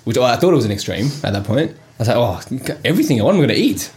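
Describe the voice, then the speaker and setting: A young man recounts a family story on a chatty podcast. His pitch jumps around a lot as he tells it, and he breaks into laughter often. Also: very animated, very fast, darkish tone. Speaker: podcast host. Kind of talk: casual chat.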